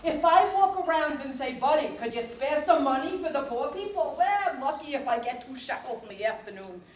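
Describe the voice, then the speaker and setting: A woman's voice: high-pitched, animated, brisk, a little hiss or hum. A woman playing Jesus as a money-minded, wisecracking carpenter in an amateur comedy play, who swings from pious preaching to haggling. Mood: schmoozing. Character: schmoozing Yiddish-talking carpenter Jesus, male, money-minded. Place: synagogue stage. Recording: echoey hall.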